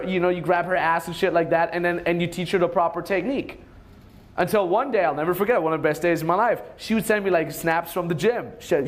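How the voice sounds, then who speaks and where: Young guy ranting dating advice, kinda high voice, lots of swearing and acting out what people said. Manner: crude, rambling, swears a lot; acts out quoted lines in a raised voice. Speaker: dating coach. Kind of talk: casual advice talk.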